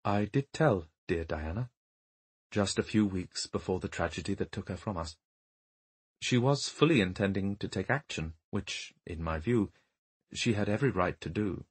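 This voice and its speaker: A man voicing a courteous male mourner who speaks in a careful, measured, formal way. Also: low voice, lively intonation, slightly rough. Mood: guarded.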